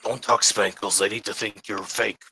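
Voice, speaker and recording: Bright joking male player. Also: on the low side, fairly even intonation, normal speed, vocal fry, slight background noise. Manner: joking, playful. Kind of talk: casual tabletop play.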